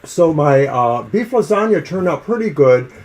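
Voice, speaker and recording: A man's voice: a little high, sing-song, moderate pace, darkish tone, poor audio. A man co-hosting a live tarot stream, chatting in an easygoing, joking way and reading out the cards. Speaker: co-host and tarot reader. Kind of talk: casual live-stream chat.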